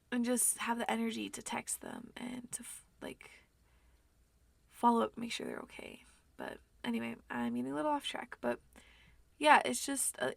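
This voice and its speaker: A young woman vlogger rambling through an emotional personal monologue, soft and tearful, with many fillers. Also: fairly high pitch, creaky, dry recording.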